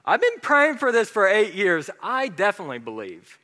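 A man preaching in a relaxed, chatty way, filling gaps with ums and uhs as he tells his own story. His voice is bright and ringing. It carries through a hall with a long echo. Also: sits high, normal speed. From American South. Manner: casual, conversational preaching with many fillers. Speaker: pastor. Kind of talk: sermon with personal story.

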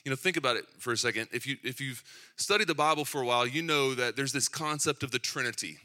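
A man's voice: mid-range voice, fast talker, bright, forceful tone. A young man from Tennessee with a Southern accent, preaching a sermon that opens with a self-deprecating personal story told in a conversational way. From Southeastern United States.

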